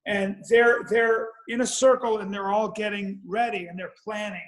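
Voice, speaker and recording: A man's voice: high-pitched, steady tone, normal speed, echoey room, poor audio. A man telling a rambling, profane comic story on a podcast, with frequent restarts. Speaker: podcast guest or co-host.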